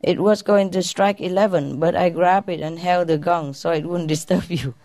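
A woman's voice: on the low side, fairly even intonation, moderate pace, dark tone, close to an everyday voice. A woman voicing a young man earnestly explaining himself to a father. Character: cheeky young man, quick excuses.

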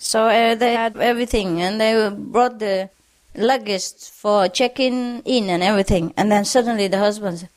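A woman's voice: medium pitch, normal speed. A woman telling jokes casually, with lots of fillers, laughing at her own punchlines. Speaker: joke teller.

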